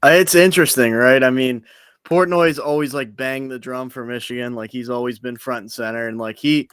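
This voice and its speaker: A hesitant man co-hosting a sports podcast, thinking aloud with plenty of fillers. His voice is smooth and clear, recorded close and dry, at an average pitch for a man. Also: steady tone, brisk, fairly bright tone, dry recording. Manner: hesitant, many fillers and restarts, thoughtful. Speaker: podcast co-host. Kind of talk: casual sports chat.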